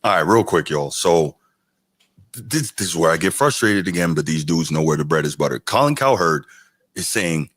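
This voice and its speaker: A man's voice: sits low, moderate pace, dry recording. A podcast host talking casually to his chat, reacting to a clip and getting worked up and exasperated as he argues his point. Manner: animated and exasperated, voice rising sharply when ranting.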